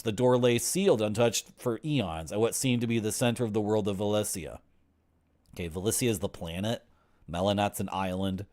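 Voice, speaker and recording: Wry man streaming a game. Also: lowish voice. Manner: wry, griping asides, sarcastic. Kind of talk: reading game text aloud with commentary.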